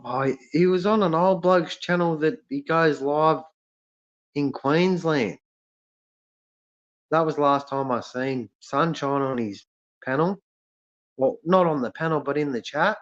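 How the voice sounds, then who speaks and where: A man with an Australian accent chats casually on a live stream, reading out viewers' comments. His voice sits slightly high and he speaks haltingly, stopping often to restart. The sound is muffled and lo-fi. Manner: halting, many fillers and restarts. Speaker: livestream host reading chat. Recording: lo-fi dull sound.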